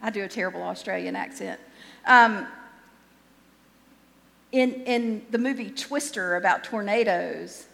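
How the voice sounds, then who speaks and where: A woman's voice: mid-range voice, measured pace, gravelly, long pauses, a bit bright. Lady pastor chatting thru her sermon, self-deprecating, trips over her words a bit, echoey church. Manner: conversational and self-deprecating, with frequent restarts.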